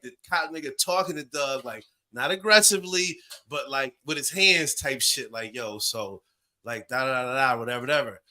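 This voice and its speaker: A man in his forties telling a story in casual podcast talk, animated and acting out voices and sounds. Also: fairly high pitch. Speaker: podcast co-host.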